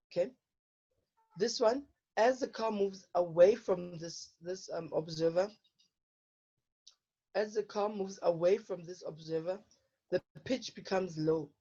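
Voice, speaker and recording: A woman's voice: mid-range voice, dark tone, breathy edge. A woman teaching a physical science lesson, often checking in with her students by asking "okay?". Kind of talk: online lesson explaining problems. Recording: dull lo-fi online lesson audio.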